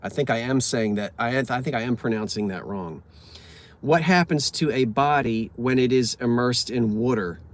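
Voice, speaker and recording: In a parked car, a man makes casual conversation and reads corny jokes aloud, self-mocking and fumbling his words. He has a mid-range voice at normal speed.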